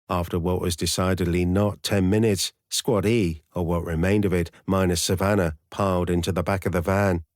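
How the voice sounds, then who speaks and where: A man narrates an audiobook in a steady, measured storytelling manner. His voice sits fairly low, and the recording is dry and close with no room sound behind it. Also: no room sound.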